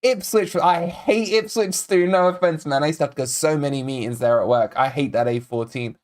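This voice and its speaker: With a fairly high, fairly quick voice, this Scottish-born host runs a fan channel's live football watch-along. He chats excitably throughout, reading out viewer comments, chat names, and predictions.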